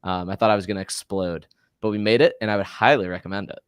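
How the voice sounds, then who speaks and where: A man's voice: on the low side, steady tone, fast talker, clear, resonant tone, no room sound, studio quality. Rambling, giggly podcast co-host man. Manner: rambling, laughs often, trips over words. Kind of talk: casual chat.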